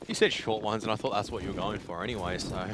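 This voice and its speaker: A man doing play-by-play esports commentary, excitable and teasing, his voice leaping up on big plays. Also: lowish voice, fast talker, background noise.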